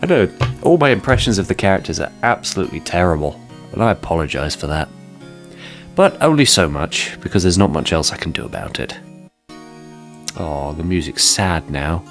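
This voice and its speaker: A man's voice: deep voice, very animated, moderate pace, soft background music. A man commentating on a game he plays, chatty and self-deprecating with joking asides. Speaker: let's play host.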